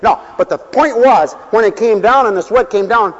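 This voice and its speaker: An older man gives a folksy, joking sermon, dropping into quiet asides and then building to loud exclamations. His voice sits high for a man. The recording is dull and lo-fi, with a long reverb tail from the hall. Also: lively intonation, normal speed. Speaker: pastor.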